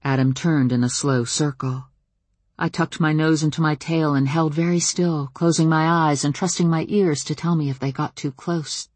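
A woman narrating a first-person novel in a measured, dramatic reading on a close studio mic. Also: sits low, steady tone, darkish tone, slightly rough, no room sound. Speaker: audiobook narrator.

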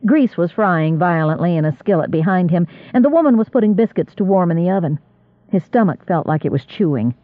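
A man narrating an audiobook in a measured, expressive reading voice. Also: sits high, no room sound. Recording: dry, tinny phone-like audio.

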